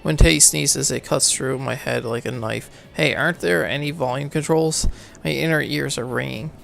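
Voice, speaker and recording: A man reading a game's story aloud for a let's play, halting and correcting himself, then signing off casually. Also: medium pitch, creaky, fairly bright tone, a little hiss or hum. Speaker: let's player, reading game text. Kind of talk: reading game narration aloud, casual outro.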